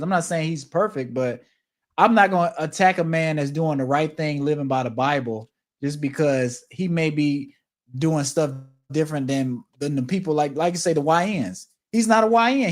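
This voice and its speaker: Man, talk show co-host, slightly high pitch, earnest, casual, arguing a point. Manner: earnest, arguing his point, laughing along. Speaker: podcast co-host.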